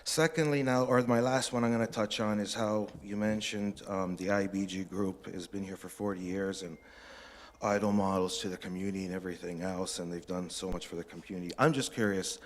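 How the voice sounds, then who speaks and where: A man's voice: sits low, steady tone, a little fast. A man addressing a town council during public comment, talking in a blunt, rambling, combative way. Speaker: resident speaking to council. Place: council chamber. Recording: long reverb of a council chamber.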